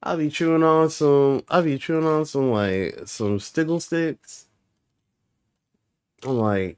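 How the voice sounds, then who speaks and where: A man's voice: on the high side, takes it slowly, pauses often, smooth. A young man streaming, chatting casually and joking with made-up nonsense words. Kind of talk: casual livestream chat.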